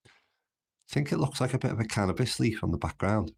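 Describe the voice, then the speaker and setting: A man's voice: lowish voice, expressive, fast, gravelly, a little mellow, breathy edge. A man from Birkenhead with a Merseyside accent, chatting casually and rambling on his home livestream. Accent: Merseyside (Scouse-like). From Birkenhead, England. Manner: rambling, chatty, easily sidetracked. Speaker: livestream host.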